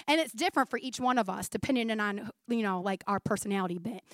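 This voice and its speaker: A woman in her forties preaches a sermon to her church, talking fast and chatty, laughing often and saying "like" a lot. Her voice is high and bright, and the recording is dry and close with no room sound.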